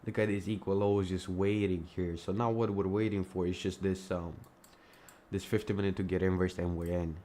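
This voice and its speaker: A man live-streaming his trading at a computer, talking casually to viewers, swearing freely and calling them man and bro, often dropping to a quiet mumble as he focuses. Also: flat delivery, normal speed, slight background noise. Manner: mumbles low and quiet while focused on the chart.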